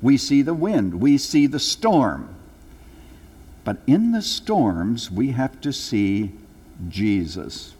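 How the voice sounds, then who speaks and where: An older man preaching a sermon to his congregation, telling stories earnestly, rising for emphasis and then dropping low and slow. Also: huge pitch swings, darkish tone, slightly rough. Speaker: pastor. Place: church sanctuary. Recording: long hall reverb.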